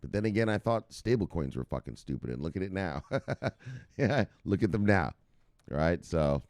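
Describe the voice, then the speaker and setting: A man's voice: extremely low pitch, animated, fairly quick, darkish tone, dry recording, studio quality. A man hosting a crypto news show, reading articles aloud and riffing on them in a profane, rambling way. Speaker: crypto news channel host.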